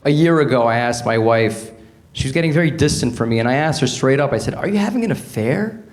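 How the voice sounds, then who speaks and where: A man's voice: medium pitch, fast talker. A man from Canada in his forties doing a wry stand-up routine on a stage, acting out both sides of arguments. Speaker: stand-up comedian. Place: comedy stage before a live audience.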